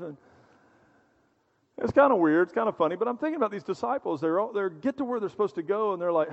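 Middle-aged male pastor, high-pitched, storytelling sermon with humor, long hall reverb. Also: lively intonation, fairly quick, pauses often. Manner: conversational storytelling with humor, acts out voices. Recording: dull sound in a reverberant hall.

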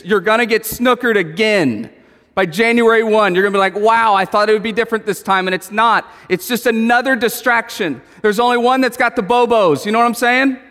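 Male pastor, lively storytelling sermon, high-pitched voice, recorded in a large reverberant hall. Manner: animated, asks the room questions, tells family stories.

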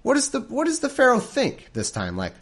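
A man's voice: very high voice, wildly swooping pitch, a little fast, slightly rough. A man hosting a casual podcast, reading scripture aloud and commenting on it in a sarcastic, exasperated way. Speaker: podcast host.

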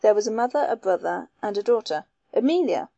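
A woman reading the part of a shrewd male investigator who explains his case in a measured, earnest way. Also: mid-range voice, expressive, creaky, mellow, no room sound, muffled recording.

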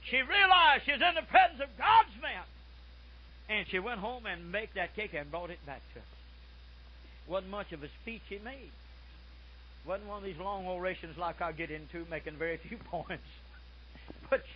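An older man preaching a folksy sermon, dropping to soft murmurs and then shouting out his stories. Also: high voice, expressive, normal speed, long pauses, slight background noise. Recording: muffled lo-fi recording.

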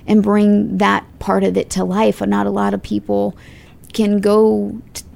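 A woman actress talking about her work in an interview, chatty and expressive, laughing easily. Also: mid-range voice, a little slow, gravelly. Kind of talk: casual interview conversation.

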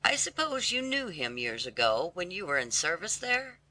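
A reader voicing a lame, gossipy old woman who chatters with pity and indignation in a storybook reading; the voice sits higher than the narration. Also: big pitch swings, normal speed, bright, forceful tone. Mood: gossiping. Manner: sympathetic, scolding chatter.

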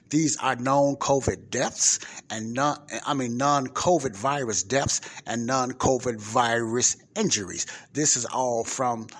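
A man's voice: medium pitch, breathy edge. A man hosting a podcast, giving emphatic commentary and putting questions straight to the listener. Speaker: podcast host. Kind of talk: casual commentary on a played clip.

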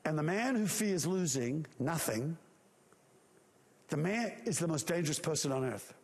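A man preaches a sermon in an animated storytelling manner and leans on emphatic rhetorical questions. His speaking voice sits high for a man. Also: normal speed. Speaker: pastor.

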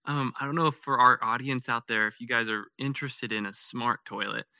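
Gravelly bright-voiced laid-back male host. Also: mid-range voice, steady tone, brisk, no echo, lo-fi sound. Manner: laid-back, lots of fillers and slang. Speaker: podcast host. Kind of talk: casual chat.

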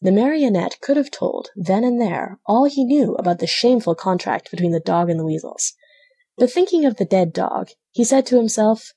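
A woman narrating a classic children's novel as an audiobook, in a steady storytelling delivery. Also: mid-range voice, normal speed, vocal fry, slightly rough. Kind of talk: scripted narration.

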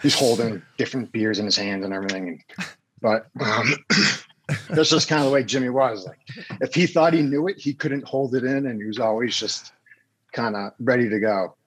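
A man telling relaxed anecdotes in casual chat, with fillers and asides. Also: mid-range voice, moderate pace, slight background noise, low-quality recording. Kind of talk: casual storytelling.

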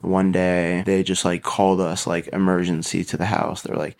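A man's voice: sits low, little pitch movement, normal speed, a little mellow. A young man recounting a personal story casually, rambling with many fillers and swearing. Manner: rambling, frequent "like" fillers, profane. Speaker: interviewee.

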